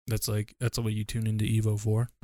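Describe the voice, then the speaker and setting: A man's voice: on the low side, monotone, a little fast, dark tone, dry recording, studio quality. A man co-hosting a podcast, chatting casually in a laid-back, joking way. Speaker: podcast co-host.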